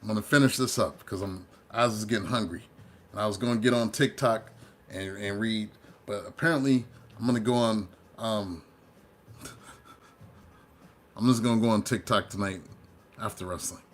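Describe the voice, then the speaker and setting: A man's voice: on the low side, moderate pace, pauses often. A man who reads tarot, talking casually and rambling to his viewers as he tells how he started, with loose asides along the way. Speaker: tarot reader. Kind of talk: casual storytelling monologue.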